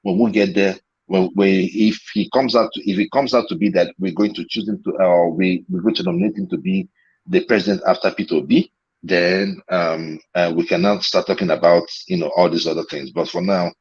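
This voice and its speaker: A man's voice: deep voice, fairly quick, a little mellow, breathy edge, dull audio. A man with a Nigerian accent, calling into a talk show and making his point emphatically, repeating himself and restarting his sentences. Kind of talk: heated call-in debate.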